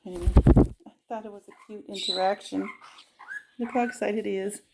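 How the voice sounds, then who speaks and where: A woman's voice: mid-range voice, fairly even intonation, fairly quick, gravelly, noisy background. A woman at home chatting with her pet birds in coaxing baby talk. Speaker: pet bird owner, channel host. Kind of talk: casual chat with pet birds. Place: at home, indoors.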